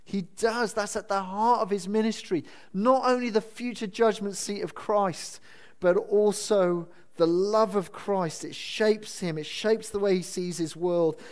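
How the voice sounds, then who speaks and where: A man's voice: high-pitched, fairly even intonation, a little slow. A man preaching a sermon as pastor, earnest, asking his congregation questions and repeating key phrases for emphasis. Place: church building.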